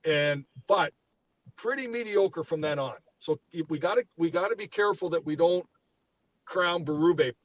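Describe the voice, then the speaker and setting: A man's voice: fairly high pitch, moderate pace, rough recording. A man co-hosting a sports podcast, ranting heatedly and swearing as he gets worked up. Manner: fired up, swears freely, ranting. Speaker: podcast co-host.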